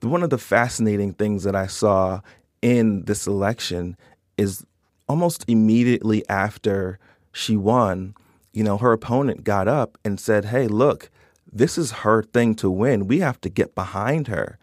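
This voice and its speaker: A man's voice: lowish voice, a little slow, dry recording, studio quality. A man reporting on an election in an earnest, thoughtful conversational way. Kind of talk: conversational news analysis.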